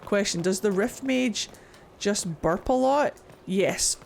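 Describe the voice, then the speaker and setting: An Irish woman streams a video game, chattering with excited jokes and the odd swear word. Her delivery is casual, quick to shout with glee. A faint hiss sits behind her voice. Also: mid-range voice, vocal fry. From Ireland. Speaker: gaming streamer. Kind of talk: let's-play commentary.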